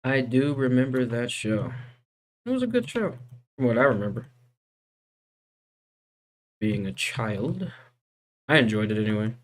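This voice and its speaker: A young man talks casually to his live-stream audience from his desk setup. He sounds exasperated and vents freely, peppering his talk with slang. His voice sits at an ordinary middle pitch for a man. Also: big pitch swings, measured pace, long pauses. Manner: exasperated, venting with slang like "dude" and "bro".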